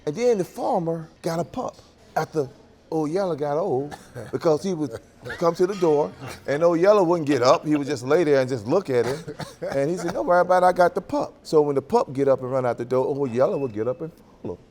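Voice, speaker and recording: A man's voice: fairly high pitch, animated, brisk, darkish tone. A man in his sixties telling stories in a roundtable chat, laughing and acting out dialogue. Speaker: former running back.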